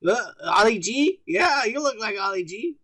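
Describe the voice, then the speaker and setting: A man co-hosting a podcast in casual chat, reading out comments, crude and loud, often laughing and shouting. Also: sits high, expressive, moderate pace, a little hiss or hum. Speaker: podcast co-host.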